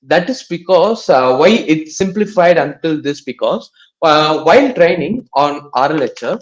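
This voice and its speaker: Halting man explaining over a muffled call. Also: fairly high pitch, animated. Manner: halting, filler-heavy explanation with restarts. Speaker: paper reading session presenter. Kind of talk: explaining a research paper in a live online session.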